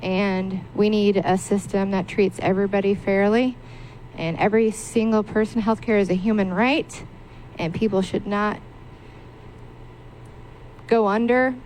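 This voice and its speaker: A woman's voice: mid-range voice, steady tone, unhurried, long pauses, a little mellow, slight background noise. A woman in the audience at a town hall, earnest, making her point in short repeated slogans. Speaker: audience member.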